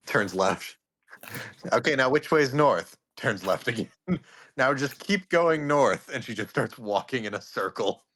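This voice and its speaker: A live-stream gamer chatting and joking casually while playing. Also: medium pitch. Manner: joking, quick, animated. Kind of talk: casual gaming chat.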